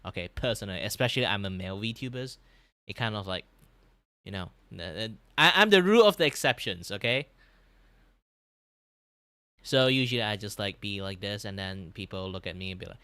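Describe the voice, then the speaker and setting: A young man from Malaysia with a Malaysian English accent, chatting casually on a livestream in an animated, rambling way, with many restarts and laughs. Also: fairly low pitch, normal speed, long pauses, clean tone, no echo. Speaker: VTuber streamer.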